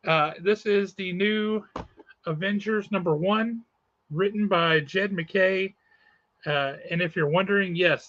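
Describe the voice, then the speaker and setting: A man's voice: high voice, sharp tone, dry recording, lo-fi sound. A man hosting a comic shop podcast over a video call, chatting casually and reviewing comics in an easygoing, self-correcting way.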